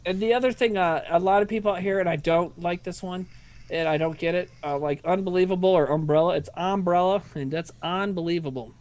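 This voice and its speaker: A man's voice: sits high, a little fast, darkish tone. A man with a Midwestern accent hosting a casual stream chat, rambling and swearing freely while poking fun at himself. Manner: rambling, profane, self-deprecating. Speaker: streaming show host.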